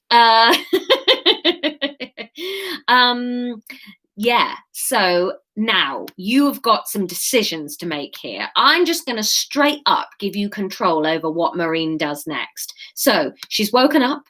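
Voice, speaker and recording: A woman's voice: medium pitch, big pitch swings, slow, bright, forceful tone. A woman hosting an interactive live-stream story, reading it aloud and breaking off for chatty asides to viewers. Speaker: host and storyteller.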